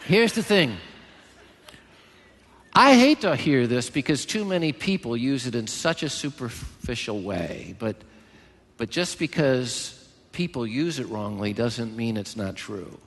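A male pastor preaching a sermon in church, emphatic and animated, with joking asides. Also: mid-range voice, a little slow. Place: large church hall. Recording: long hall reverb.

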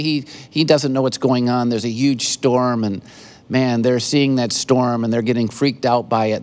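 An older man preaching a sermon as pastor, earnest, often pausing and repeating words, speaking from an empty church building. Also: medium pitch.

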